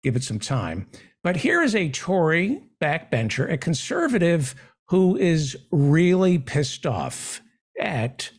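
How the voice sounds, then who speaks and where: A man hosting a comedy show, delivering a sarcastic, deadpan satirical monologue. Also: fairly high pitch, takes it slowly. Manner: sarcastic, deadpan jokes with mock questions.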